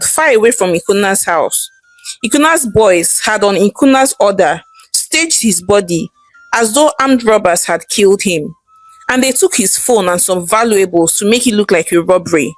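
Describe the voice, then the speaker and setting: A woman's voice: mid-range voice, dry recording, low-quality recording. Woman telling a folktale. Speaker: storyteller. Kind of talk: folktale narration.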